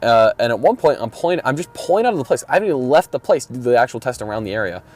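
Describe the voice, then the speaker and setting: A man's voice: mid-range voice, big pitch swings, very fast, a little mellow, faint music behind. A man hosting a casual solo podcast from his car, rambling and mumbling, with frequent swearing. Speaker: podcast host. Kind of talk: casual solo chat while driving.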